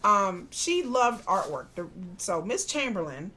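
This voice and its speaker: A woman recaps a TV drama in a loose, chatty way. Her voice sits at a middling pitch, and she jumps into the characters' lines with slang asides. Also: sing-song, measured pace, sharp tone, husky. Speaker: podcast host recapping a TV drama. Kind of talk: casual recap chat.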